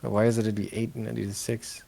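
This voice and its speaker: Gravelly man running a tabletop game. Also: on the low side, flat delivery, warm tone. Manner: brisk, tallying damage and reading rules aloud. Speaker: game master.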